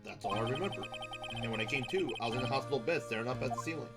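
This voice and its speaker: A man's voice: mid-range voice, racing. A man hosting a let's play, reading the game's dialogue aloud dramatically and often stumbling and correcting himself. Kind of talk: reading game text aloud. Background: game music.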